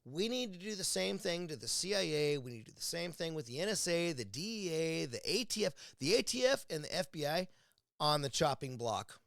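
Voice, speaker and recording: A man's voice: fairly high pitch, big pitch swings, fairly quick, vocal fry, fairly bright tone, no echo, studio quality. Angry swearing American man ranting. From United States. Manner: angry, blunt, swears constantly. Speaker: vlogger. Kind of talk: profane political rant. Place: indoors at home, drinking a beer.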